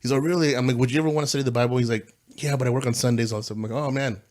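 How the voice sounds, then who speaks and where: Male pastor, lively slangy storyteller, mid-pitched, casual podcast chat. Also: very fast. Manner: animated storytelling, slangy, says "bro" and "dude".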